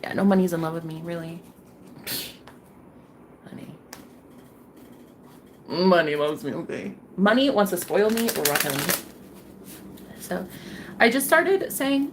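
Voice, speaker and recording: A woman's voice: lowish voice, expressive, measured pace, pauses often, background noise. A young woman hosting a tarot live stream, chatting casually and bubbly with her viewers, swearing freely and laughing often. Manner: bubbly, profane, laughs often, talks to chat.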